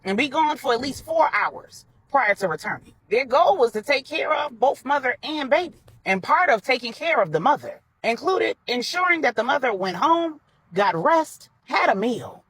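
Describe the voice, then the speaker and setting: Animated husky-voiced woman storyteller. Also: a little high, dry recording, poor audio. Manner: colloquial and animated. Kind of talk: casual storytelling narration.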